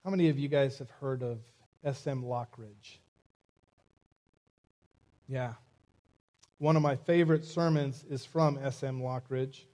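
A man preaching a sermon as a church pastor, reading scripture and speaking to his congregation in a measured way. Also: mid-range voice, fairly even intonation, warm tone. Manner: preaching with rising intensity, measured pacing.

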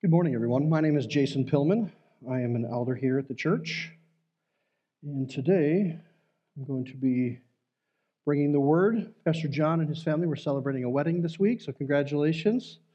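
A man's voice: fairly high pitch, moderate pace, dark tone, muffled recording. A man, a church elder, giving an earnest, conversational sermon with some fillers and restarts.

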